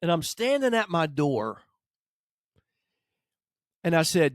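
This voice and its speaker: A man with a somewhat high voice tells a story in a relaxed podcast chat and acts out the lines of the people in it. The sound is dry and close, with no room echo. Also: takes it slowly, pauses often. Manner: animated anecdote, acts out quotes. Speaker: dog trainer, podcast host.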